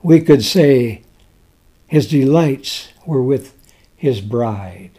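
A man preaching a sermon slowly and dramatically, reading scripture aloud in old-fashioned wording. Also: medium pitch, lively intonation. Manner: slow, dramatic preaching with swells and drops in loudness.

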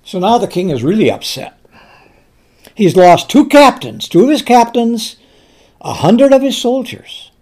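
A man preaching a sermon with a fairly high voice that swings widely in pitch. He speaks slowly, stumbles and restarts, and works himself up when he plays the angry king. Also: very animated, darkish tone. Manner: retells scripture, voicing the king with rising anger; stumbling restarts, repeats words.

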